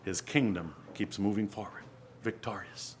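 A man preaching an earnest sermon, often dropping to a hush and then rising to loud emphasis. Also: on the low side, normal speed, slight background noise.

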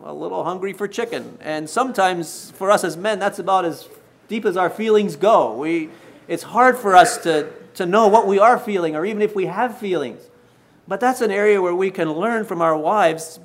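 Gravelly-voiced older man preaching. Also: high-pitched. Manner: folksy storytelling, self-mocking, many restarts. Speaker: pastor. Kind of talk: sermon to married men.

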